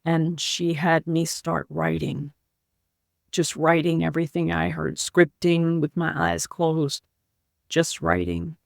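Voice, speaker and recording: A woman guest on a podcast, telling her personal story in an earnest, heartfelt way, in slow, halting phrases. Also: sits low, little pitch movement, vocal fry, no echo, clean studio sound. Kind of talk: personal story told in an interview.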